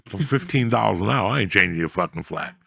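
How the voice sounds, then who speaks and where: A middle-aged man tells rambling, profane stories in a blunt, casual way. His voice is gravelly and husky. The sound is dry and close, with no room echo. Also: fairly low pitch, animated, fast talker, a bit bright. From New Jersey. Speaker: storyteller guest. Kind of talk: casual storytelling chat.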